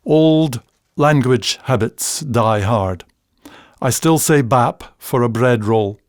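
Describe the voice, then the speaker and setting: An older man with a Scottish accent speaks at an unhurried, deliberate pace, dwelling on each word. His delivery is dry and wry, a podcast monologue told with quiet relish for old dialect. The voice sits close and dead, with no room sound around it. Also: medium pitch, no echo. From Scotland. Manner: dry wry storytelling, savoring dialect words. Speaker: podcast host. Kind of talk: slow reflective podcast monologue.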